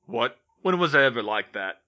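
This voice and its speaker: A man's voice: mid-range voice, expressive, normal speed, bright, forceful tone, lo-fi sound. A man voicing an exasperated young man who protests indignantly in a storybook reading.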